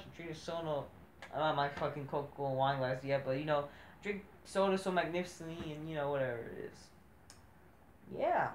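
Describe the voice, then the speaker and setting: A woman's voice: sits low, a little hiss or hum. Sarcastic, swearing woman ranting in a roomy space. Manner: sarcastic, mocking, swears constantly. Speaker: wrestling show reviewer. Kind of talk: profane ranting review.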